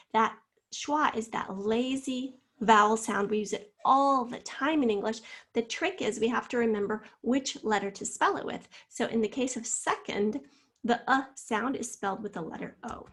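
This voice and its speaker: Breathy-voiced woman teaching spelling. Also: on the high side. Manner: slow, careful sounding-out of words and letters. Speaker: fourth-grade teacher. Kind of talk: recorded spelling lesson.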